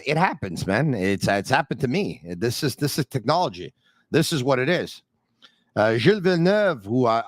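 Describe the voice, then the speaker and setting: In a dry recording, a medium-pitched man hosts a hockey podcast with upbeat, emphatic energy, reading advertisements and speaking directly to his listeners.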